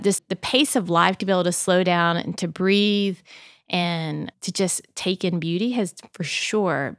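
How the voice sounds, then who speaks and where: A woman's voice: dry recording, studio quality. A woman in her forties, a mother of two, chatting candidly as a podcast guest and lifting her voice when she quotes herself. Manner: candid and animated, jumps up in pitch when quoting herself. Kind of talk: casual interview chat.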